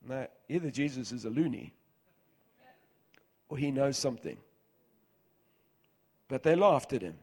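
A middle-aged man preaching a sermon, reading scripture aloud and repeating key words for emphasis, swinging between loud and hushed. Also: medium pitch, animated, a little slow, long pauses, husky.

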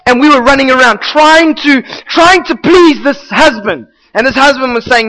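A man's voice: very high-pitched, a little slow, few pauses, a bit bright, poor audio. A male pastor preaching a sermon in a conversational, emphatic way, repeating key phrases.

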